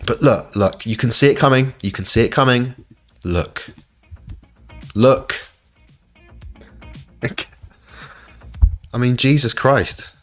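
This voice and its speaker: An excitable man hosting a live stream and walking through trading charts. He keeps repeating "look" and laughs often. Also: mid-range voice, a little slow, long pauses. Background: faint backing music.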